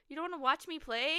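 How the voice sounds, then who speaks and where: A woman streaming a story game, reading it aloud and chatting with viewers, quick to burst into excited exclamations. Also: sits high. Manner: excitable, breaks into squeals and exclamations.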